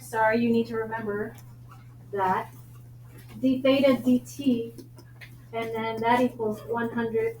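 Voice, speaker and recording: A woman math teacher with a Long Island accent, teaching a class in a brisk, joking way and quizzing her students. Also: a little high, darkish tone. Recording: echoey classroom, faint noise.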